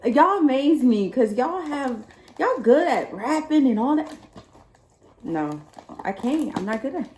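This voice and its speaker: Woman, casual vlog chatter, excitable, laughs a lot, a bit high voice, roomy echo. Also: a little slow, a little hiss or hum. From Texas. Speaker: vlogger. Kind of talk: casual unboxing chat.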